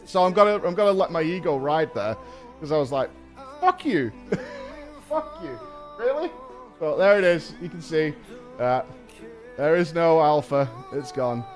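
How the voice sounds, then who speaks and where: A man rants on a casual stream, swearing freely and mocking himself with sardonic humor. His voice sits high and swings wildly up and down. Faint music plays underneath. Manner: profane, ranting, sardonic, laughing at himself.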